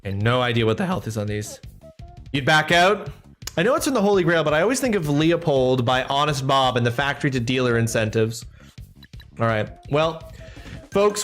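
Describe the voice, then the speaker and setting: A man's voice: a little high, animated, fairly quick, a bit bright. A man streaming a video game live, joking around and talking to his chat between gameplay. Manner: playful, jokey, talks to chat. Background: game music.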